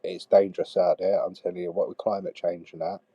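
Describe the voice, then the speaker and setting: A man doing comic voicemail monologues. He swears a lot and swings from shouting to hushed sighs. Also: low-pitched, little pitch movement, brisk, no echo, lo-fi sound. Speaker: comedy podcaster.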